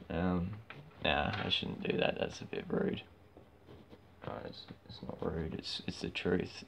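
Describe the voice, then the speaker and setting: A man livestreaming from his phone, chatting casually and bluntly, cheeky and quick to get loud and heated. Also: a bass voice, very animated, gravelly, a little hiss or hum. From Australia.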